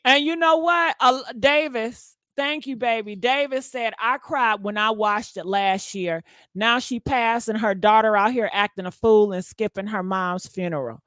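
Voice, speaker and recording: Gossip host, woman, high voice, dry close mic, exclaiming and chatty. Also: a little slow, fairly bright tone, no echo, soft background music. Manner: exclaiming, talks straight to viewers. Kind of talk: live-stream gossip commentary.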